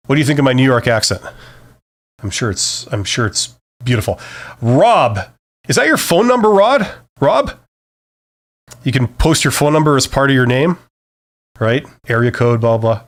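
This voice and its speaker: A man's voice: medium pitch, big pitch swings, normal speed, long pauses. A middle-aged man hosting a live-stream Q&A, giving career advice in a loose, conversational way full of fillers and restarts. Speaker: career advice host answering viewer questions.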